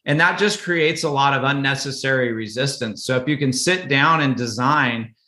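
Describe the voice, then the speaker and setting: A man's voice: medium pitch, moderate pace, pushed and bright. A man as a podcast guest, explaining family routines in easygoing casual talk and often repeating words as he goes. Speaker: podcast guest, parenting author. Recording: echoey room.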